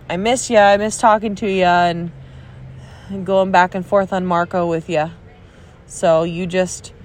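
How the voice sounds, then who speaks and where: A woman's voice: on the low side, a little mellow. A tired, stuffy woman rambling in a casual recorded message to a friend, encouraging and trailing off, with yawns between thoughts. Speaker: friend sending a video message. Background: dog barking.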